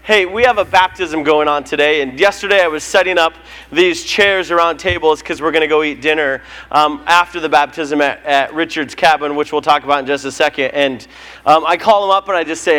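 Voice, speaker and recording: A man with a slightly high voice leads a church service. He runs through the announcements casually, joking and telling stories with plenty of fillers. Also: normal speed, pushed and bright. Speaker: pastor.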